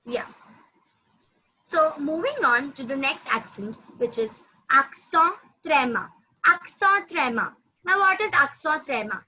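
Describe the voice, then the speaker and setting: High, bright woman teaching. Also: lively intonation, rough recording. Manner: patient, repeats words slowly for the student. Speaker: French teacher. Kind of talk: classroom language lesson.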